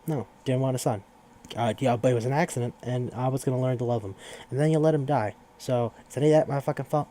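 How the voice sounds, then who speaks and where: A man voicing a cold, selfish woman with a mellow, dark tone and a profane, offhand delivery. She talks in loose, scornful paraphrase rather than a polished line reading. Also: medium pitch, quick pace, lightly acted.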